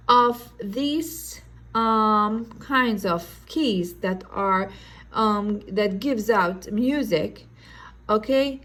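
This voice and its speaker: A woman with a somewhat high voice teaches a science lesson at a slow, unhurried pace. Her English is non-native in phrasing, and she keeps checking in with her students by asking "okay?". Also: poor audio. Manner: slow, explanatory, repeats "okay?" to check understanding. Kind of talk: recorded online lesson.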